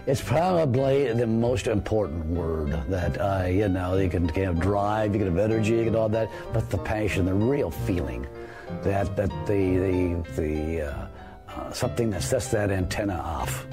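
Man, very low voice, halting, searching for words, interview, music underneath. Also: animated. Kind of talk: documentary interview.

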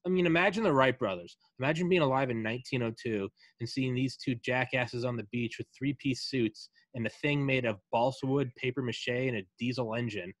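A man's voice: mid-range voice, brisk, hardly any pauses, dry recording. A man hosting a podcast interview in casual, joking, profane chat. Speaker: podcast host.

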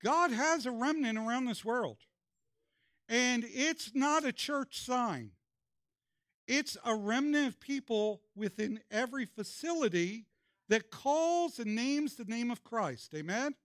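A man with a strikingly high voice preaches a sermon. He keeps calling on the congregation to respond. The sound is close and dry, with little room around it. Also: lively intonation, slow pace, fairly bright tone, no room sound. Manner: preaching with call-and-response prompts. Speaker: pastor. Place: church.

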